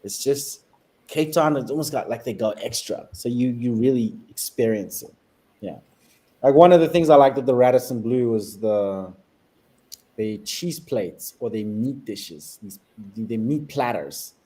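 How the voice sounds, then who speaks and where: A man from South Africa, a guest on a travel talk show, telling animated stories and laughing often. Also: medium pitch, measured pace, low-quality recording. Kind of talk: casual travel chat.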